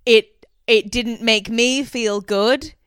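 A woman's voice: on the high side, fairly even intonation, slow pace, clear, resonant tone, no echo, studio quality. A woman in casual podcast chat, wry and self-mocking.

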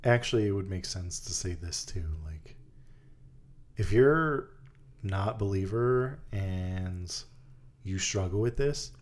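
A man co-hosting a Christian podcast, chatting in a relaxed way with plenty of filler words. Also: sits low, slow. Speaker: podcast co-host. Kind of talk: casual faith chat.

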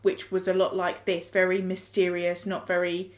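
A woman's voice: fairly low pitch, monotone, normal speed. A woman in a casual group discussion, explaining her ideas in a reflective way.

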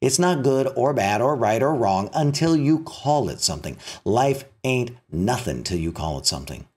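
A man giving a spiritual self-help talk, telling a story and acting out its characters, with pitch that climbs when he is emphatic and drops low and soft for the point. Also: big pitch swings, normal speed, breathy edge. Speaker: motivational speaker.

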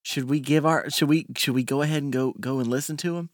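A man's voice: mid-range voice, steady tone, fast, no room sound, studio quality. A man playing a tabletop game, eager and playful, often stammering as he thinks aloud. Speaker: player. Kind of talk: casual game chat, in character.

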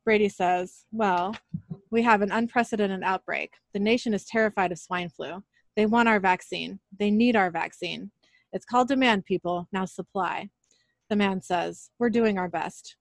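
At a moderate pace and medium pitch, this dry-voiced narrator retells an episode as a casual recap, reading lines aloud. Every character gets her own voice, and she laughs at her mistakes; the recording is dry.

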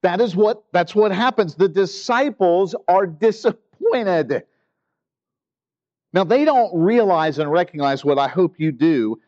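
Man, pastor, sermon, fairly high voice, muffled lo-fi recording. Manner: animated, acts out the grumbling disciples. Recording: dull lo-fi sound.

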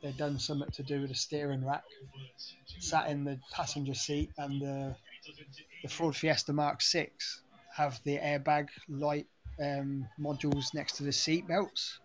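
Flat, matter-of-fact man. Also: fairly high pitch, unhurried, rough recording. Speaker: guest on a live chat. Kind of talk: casual chat.

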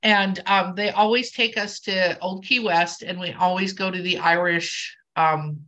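A woman hosting a podcast in casual chat, her voice husky from a cold, talking in a chatty, self-mocking way. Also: on the low side, steady tone, measured pace, pushed and bright. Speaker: podcast host.

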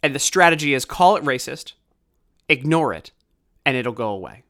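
Heated, bright-voiced male commentator. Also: medium pitch, expressive, moderate pace. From Baltimore, USA. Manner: heated, ranting, sarcastic. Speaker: podcast host. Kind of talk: opinionated political commentary.

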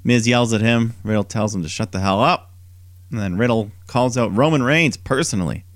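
A male podcast co-host recaps a wrestling show casually, telling it as an animated story and imitating the wrestlers he quotes in a higher voice. He speaks at normal speed, and the studio-quality audio has no room sound.

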